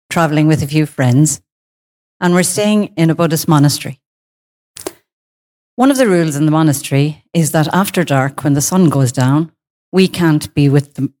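A woman's voice: low-pitched, a little mellow. A woman giving a presentation, telling a personal story on stage and acting out her own reactions.

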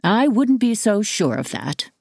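A woman's voice: medium pitch, big pitch swings, measured pace, vocal fry, darkish tone, no echo, studio quality, voice pushed up, heavily acted. A woman reading as a scowling, accusing neighbor woman. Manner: curt, accusing.

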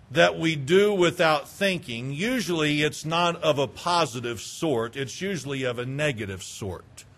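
Delivering a sermon in a conversational style, this man serves as pastor, putting questions to his congregation and playing out little day-to-day conversations. His voice sits fairly high and sounds a bit bright.

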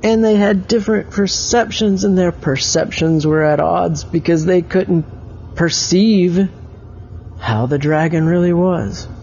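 A man telling an improvised story to a child. He speaks haltingly, restarts often, and pauses to explain words as he goes. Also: high voice, a little mellow, muffled recording, slight background noise.

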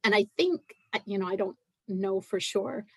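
A middle-aged woman who grew up in Scotland but now speaks with an American accent, answering interview questions in a relaxed, halting way. She restarts sentences and fills pauses often. Her voice sits at an ordinary pitch and the recording is dry, with little room sound. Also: vocal fry, breathy edge, no room sound. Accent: American with Scottish roots. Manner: hesitant, many fillers and restarts. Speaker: guest, writer and massage therapist. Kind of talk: casual interview chat.

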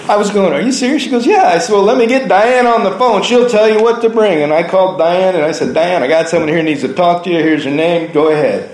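A man with a fairly high voice preaches a sermon, moving between quiet, earnest storytelling and louder, emphatic passages. The room echoes around him. His tone stays conversational and personal. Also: fast talker, few pauses. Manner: earnest storytelling preaching, shifting between soft and raised delivery.

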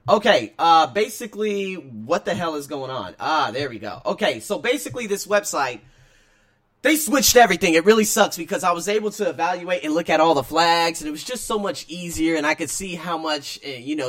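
A man hosting his own podcast, talking casually and rambling, swinging between loud excitement and low mutters. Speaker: podcast host. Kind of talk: casual solo podcast talk.

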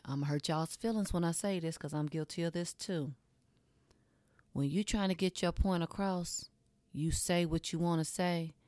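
A woman's voice: deep voice, warm tone, dry recording. A woman giving a casual, blunt monologue straight to her audience, candid and swearing freely.

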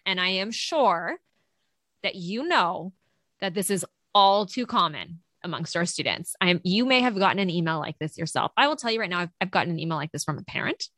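A woman co-hosting a teaching podcast, talking in a lively, chatty way and laughing easily. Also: mid-range voice, dry recording. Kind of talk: casual podcast chat.

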